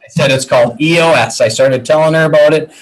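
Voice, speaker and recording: A man's voice: on the high side, fast, crowd noise, low-quality recording. A man who works as a business coach, telling a personal story in a casual podcast interview and acting out past conversations. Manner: animated storyteller retelling conversations.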